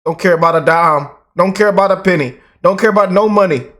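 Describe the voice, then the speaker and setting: A man hosting his own channel, ranting in animated, repetitive, emphatic political commentary. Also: high-pitched, fast.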